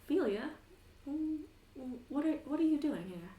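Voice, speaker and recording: A woman voicing a calm, gentle mother in a tabletop game, speaking softly and a bit higher than her own voice. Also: normal speed. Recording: echoey room, faint noise.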